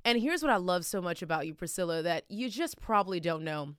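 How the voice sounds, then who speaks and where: A woman with a Texan accent hosting a faith podcast, talking in a loud, energetic and emotional way. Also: lowish voice, a little fast, smooth, dry recording, studio quality. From Texas. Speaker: podcast host. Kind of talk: casual podcast chat.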